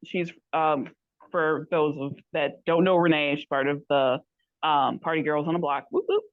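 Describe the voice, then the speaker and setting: A woman's voice: low-pitched, steady tone, normal speed, no room sound, phone-quality sound. A woman guest telling a story in casual chat, rambling and acting out the quoted lines of others. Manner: rambling, acts out quoted dialogue. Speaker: podcast guest.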